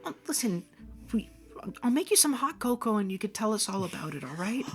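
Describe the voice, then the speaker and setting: A woman doing a frantic, high-pitched farm mum. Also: very animated, unhurried, pushed and bright, faint music behind, exaggerated voice. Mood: soothing. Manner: fussing and tearful, scolding then soothing. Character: worried, scolding farm mother, middle-aged.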